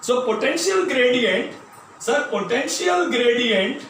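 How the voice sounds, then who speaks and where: High-voiced Indian man lecturing physics. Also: lively intonation, takes it slowly, a bit bright. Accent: Indian English. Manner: addresses students as "my dear", repeats key terms. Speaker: physics teacher. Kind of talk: classroom lecture at a board. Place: classroom. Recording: very echoey classroom, voice from a distance, faint noise.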